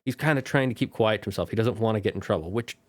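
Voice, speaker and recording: A man's voice: lowish voice, fast talker, dry recording. A man giving a casual spoken review as a streamer, chatty and talking straight to the viewer. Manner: chatty, addresses the viewer directly, briefly acts out quoted lines.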